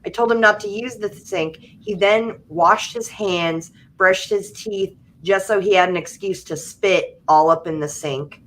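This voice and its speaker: This young adult woman hosts a livestream, speaking unhurriedly in a medium pitch with hardly any pauses. She chats casually and tells funny stories in an animated way, laughing often.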